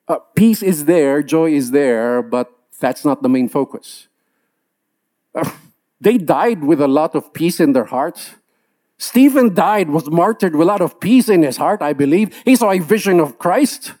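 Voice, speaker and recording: A man preaches with a high, earnest voice that swings up and down as he acts out what believers say. His tone is pleading and direct, the voice of a pastor in front of a church. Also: expressive, normal speed, mellow. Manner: earnest, switches into Tagalog, acts out believers' complaints. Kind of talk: sermon.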